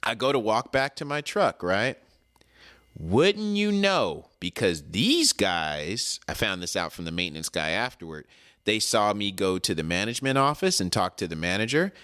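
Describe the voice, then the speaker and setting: A man telling a story in a casual chat, animated and slangy, acting out the people in it. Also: fairly low pitch, normal speed, clear, resonant tone. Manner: animated, acts out the people in his stories. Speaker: podcast co-host.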